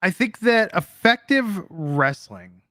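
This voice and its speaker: A man's voice: high-pitched, very animated, takes it slowly, sharp tone, dry recording. A man co-hosting a wrestling podcast in casual chat, dry and wry, with hesitant fillers. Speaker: podcast co-host.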